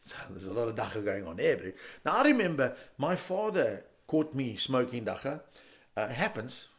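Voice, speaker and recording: A middle-aged man with a South African accent performing a stand-up comedy set, an animated storyteller who jumps into loud character voices. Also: medium pitch, normal speed. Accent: South African English.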